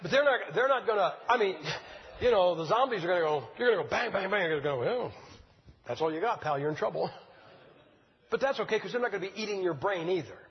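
A man's voice: high-pitched, lively intonation, very fast, slight background noise. An older man preaching a folksy, joking sermon, firing rhetorical questions at his congregation. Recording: dull lo-fi sound, long church-hall reverb.

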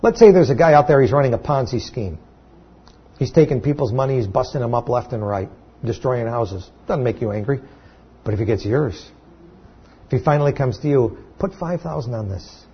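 A man's voice: medium pitch, fairly quick, breathy edge, highs cut off. A man preaching a sermon to his church, talking in a conversational way with restarts and sudden emphatic peaks. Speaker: pastor.

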